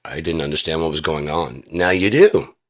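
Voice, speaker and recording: A vlogger speaks alone in an indoor room with a heater, his voice a low rumble at normal speed. He rambles through a casual, profane rant, lecturing as he goes.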